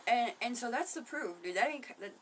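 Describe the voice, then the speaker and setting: A woman talking casually to camera in a rambling, profane monologue about spirituality, often laughing and getting loud when she quotes others. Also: a little high, expressive, a little fast, far from the mic, a little hiss or hum. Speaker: spiritual vlogger.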